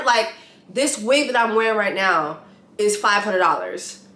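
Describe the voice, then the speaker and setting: A woman vlogging a blunt, animated rant with free swearing, reviewing a reality show. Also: medium pitch, normal speed, reverberant. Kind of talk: casual opinionated vlog rant. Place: lives in Atlanta.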